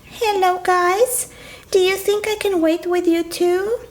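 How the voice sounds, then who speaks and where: A woman's voice: very high-pitched, fairly even intonation, slow. A woman voicing a sweet, polite toy cat in a children's toy video.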